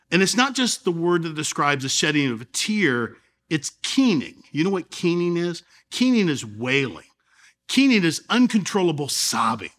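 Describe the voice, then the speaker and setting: A male pastor delivers a sermon in a slightly higher than average voice. He speaks earnestly, drawing out key phrases with pauses and swinging between soft, low moments and louder emphasis. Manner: earnest preaching with dramatic pauses and shifts in volume.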